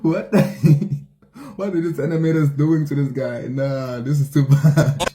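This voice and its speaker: A man's voice: fairly high pitch, steady tone, measured pace. A man reacting to a video with short, amazed, laid-back remarks. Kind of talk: reaction commentary.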